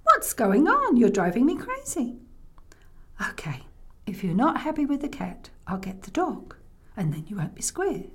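A woman voicing an exasperated grandmother who switches between soft, hushed soothing and fed-up outbursts. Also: mid-range voice, sing-song, normal speed.

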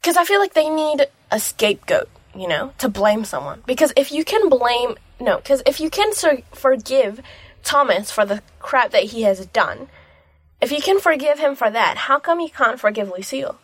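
A woman's voice: high-pitched, very animated, moderate pace, no room sound. A young woman chatting casually about a film she loves. She gushes and rambles, with plenty of fillers. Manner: gushing, rambling, many fillers. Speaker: film reviewer. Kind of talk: casual vlog chat.

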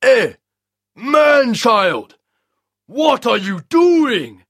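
A man voicing a mighty, booming male sun in a storybook. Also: very animated, creaky, fairly bright tone, no echo, exaggerated voice. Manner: booming, slow and scolding.

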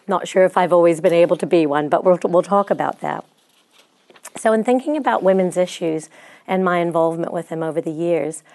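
A woman's voice: fairly low pitch, a little mellow. Reflective American woman giving a speech. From Chicago, USA. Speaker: guest speaker. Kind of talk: prepared speech.

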